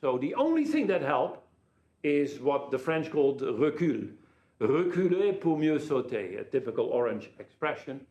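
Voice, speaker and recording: Man, keynote speaker, jokey anecdotes, slightly high voice, echoey room sound. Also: very animated, normal speed, warm tone. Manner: anecdotal, joking storyteller. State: jet-lagged. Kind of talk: conference keynote talk. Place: telepresence link to a conference hall.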